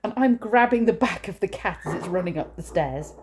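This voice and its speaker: A woman's voice: lowish voice, lively intonation, brisk, background noise. A woman vlogging casually outdoors in a garden, chatting and rambling through her chores and stories. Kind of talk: casual vlog chat.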